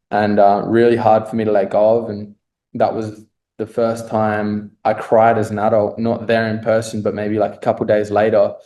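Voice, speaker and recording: A man's voice: lowish voice, warm tone. A man, a fitness coach, speaking as a podcast guest and telling a personal story in a reflective, earnest way with many fillers.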